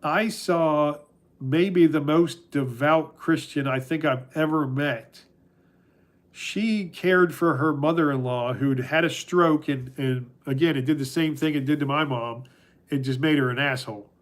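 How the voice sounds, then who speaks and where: A middle-aged man hosting a casual livestream, talking through chat questions in a rambling, halting way with many restarts. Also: a little high. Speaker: livestream host answering chat.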